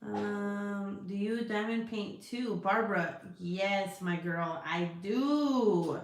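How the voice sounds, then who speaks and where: A woman's voice: medium pitch, slow pace. Chatty woman in an echoey room. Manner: chatty and profane, talks to her cat between thoughts. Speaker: crafting livestream host. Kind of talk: casual livestream chat with viewers. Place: indoor room at her craft desk.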